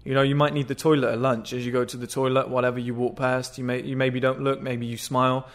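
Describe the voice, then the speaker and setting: A man's voice: mid-range voice, little pitch movement, fast. A man giving dating advice in a blunt, crude, casual monologue, sometimes acting out short greetings.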